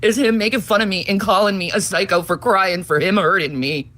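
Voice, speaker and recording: A woman's voice: medium pitch, brisk, fairly bright tone, a little hiss or hum. A woman arguing on a livestream, tearful, pleading and bitter, swearing often. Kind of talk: heated argument on a livestream.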